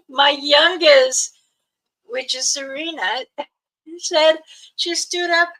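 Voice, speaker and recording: On a rough recording, a mom with a high voice recounts something from her own life, speaking slowly and pausing often. She's chatty and laughs a lot, mimicking her kids' voices and dropping to a hush when quoting herself.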